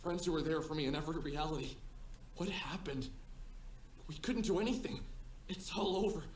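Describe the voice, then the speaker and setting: An actor voicing a young man who is lost in his own mind, recalling his life in a soft, searching inner monologue that at times drops to a whisper. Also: fairly high pitch, moderate pace, natural voice. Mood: wistful. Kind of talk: game voice acting. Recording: roomy, distant game audio with faint hiss.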